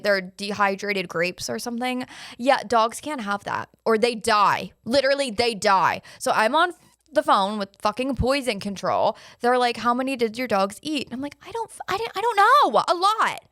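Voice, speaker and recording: A woman's voice: medium pitch, dry recording. Young woman podcaster going off on a story, lots of swearing, dead dry close mic. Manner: animated storytelling, swears freely, acts out panicked quotes. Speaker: podcast host. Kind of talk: casual solo podcast monologue.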